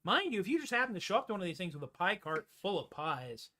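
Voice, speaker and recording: A woman hosting a comedy music show, rambling wryly between songs with quick tangents and asides. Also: fairly low pitch, sing-song, bright, forceful tone. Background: guitar.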